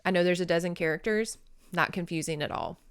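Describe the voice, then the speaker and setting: A woman's voice: on the low side, fast talker, smooth. A woman hosting a casual book-review podcast, chatty and laughing often. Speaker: podcast host reviewing a novel. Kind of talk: casual chat.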